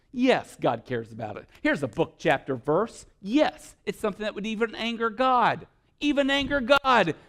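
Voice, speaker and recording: A man preaching a sermon, building from quiet, soft-spoken stretches to loud, passionate exhortation. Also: on the high side. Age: adult with children. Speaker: pastor.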